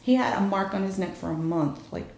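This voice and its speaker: A woman telling a personal story in candid chat, blunt and frank, acting out quoted lines with jumps in pitch. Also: steady tone, fairly quick, creaky, a little mellow, echoey room.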